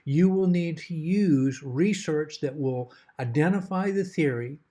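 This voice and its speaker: A middle-aged man explaining a course assignment in a measured, emphatic way, repeating key words to stress them. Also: a little high, dark tone. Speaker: course instructor. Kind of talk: recorded course assignment overview.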